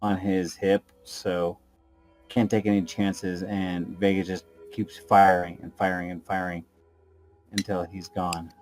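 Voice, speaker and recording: A man playing in a tabletop game, narrating his character's shooting in an unhurried, rambling way with mouth sound effects. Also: low-pitched, little pitch movement, darkish tone, soft background music. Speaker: player.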